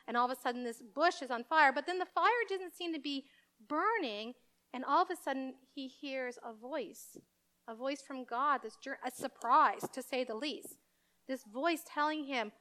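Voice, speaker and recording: High-voiced woman pastor giving a children's sermon. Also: normal speed. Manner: animated storytelling, acting out voices.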